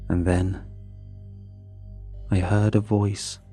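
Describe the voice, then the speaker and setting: A man narrating a scripted horror story in a measured, suspenseful way. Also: on the low side, level tone, dark tone, breathy edge, faint music behind.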